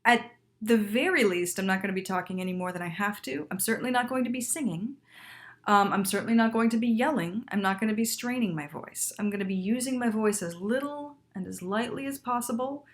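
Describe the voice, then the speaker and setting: A woman in her thirties teaching singers in a casual video lesson, emphatic and lively, often checking in with "right?". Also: medium pitch, a little fast.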